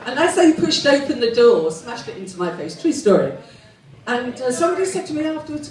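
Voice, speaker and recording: A woman's voice: a little high, very animated, brisk, darkish tone, roomy sound, distant mic, rough recording. A posh-sounding woman from England performing a self-mocking stand-up comedy set, telling stories built around punchlines. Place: live comedy venue with audience.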